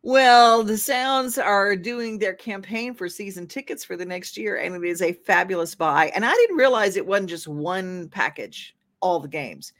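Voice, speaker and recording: Chatty gravelly-voiced woman host. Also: mid-range voice, animated, unhurried, hardly any pauses, fairly bright tone. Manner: chatty, enthusiastic. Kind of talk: casual chat.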